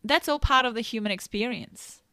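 A woman from Italy, chatting as a guest nutritionist in an animated, expressive way. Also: on the high side, moderate pace, clean tone, no echo. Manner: animated, expressive, laughs readily. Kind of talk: casual podcast chat.

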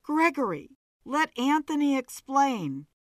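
Rich: A fussy, anxious middle-aged wife who coos and soothes in a raised, slightly shrill voice, put on by a woman reading a story aloud. The delivery is slow and unhurried, and the recording is dry and close. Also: big pitch swings, no echo, full character voice. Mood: coaxing.

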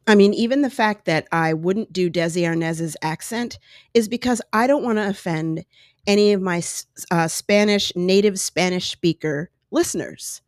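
A woman's voice: on the low side, normal speed, dry recording, studio quality. A middle-aged woman hosting her own podcast, talking candidly into a microphone and acting out the voices she quotes. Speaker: podcast host. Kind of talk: solo podcast commentary.

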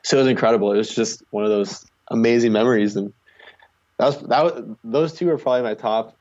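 A young Canadian man, a long-distance charity cyclist, speaks fast in a medium-pitched, darkish voice while telling rambling, "like"-heavy stories as an interview guest. The recording is slightly muffled.

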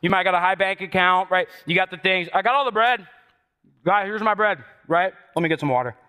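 Man, pastor giving a sermon; high, bright voice, conversational and building to emphatic repeated lines. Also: a little fast, clear, resonant tone. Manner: conversational preaching with asides to the congregation.

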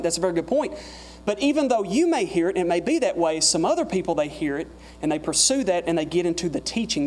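A man preaching a sermon in a church, repeating his phrases and climbing higher and louder as he presses his points. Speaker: guest preacher.

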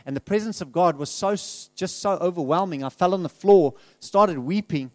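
Middle-aged preacher, slightly high voice, dry close sound; candid, chatty church testimony with frequent laughs and restarts. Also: male voice, moderate pace, dry recording. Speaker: guest speaker in a church. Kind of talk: conversational testimony sermon.

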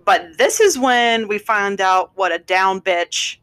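A woman's voice: medium pitch, expressive, slow pace, a bit bright, clear, resonant tone. A woman in casual chat, recapping a show with a friend, reading quotes aloud and adding blunt, exasperated asides.

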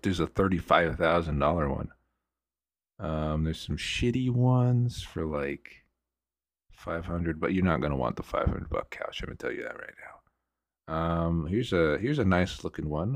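A man with a very low, gravelly voice chats on his own, rambling and profane, often restarting his sentences. The sound is dry and close, like a desk mic at a computer. He comes across as a relaxed host working through his topics. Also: no echo. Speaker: podcast host. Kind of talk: casual solo chat.

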